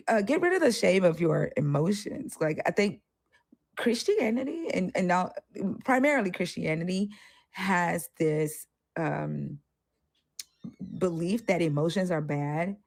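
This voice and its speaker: Lowish-voiced woman, blunt and animated. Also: unhurried, creaky, dry recording, studio quality. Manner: animated, swears freely, acts out quoted voices. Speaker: co-host. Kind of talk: casual panel discussion.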